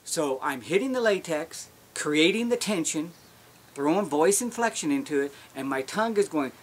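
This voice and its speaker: A man with a slightly high, expressive voice teaches how to make elk calls, walking through it step by step in a folksy way at normal speed. There's some background noise.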